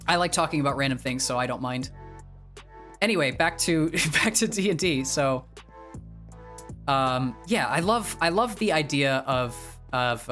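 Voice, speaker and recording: A man's voice: mid-range voice, bright, forceful tone. Young male streamer from the Northeast US, casual chat, rambling with lots of fillers, faint background music. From northeastern US, near Boston. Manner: rambling, with many fillers and restarts.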